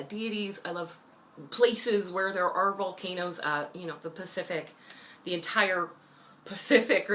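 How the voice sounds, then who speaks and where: Casual woman host, lowish pitch, eager and rambling, faint background hiss. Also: bright, forceful tone. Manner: enthusiastic, chatty, frequent fillers. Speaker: host of a witchcraft livestream. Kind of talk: casual livestream talk.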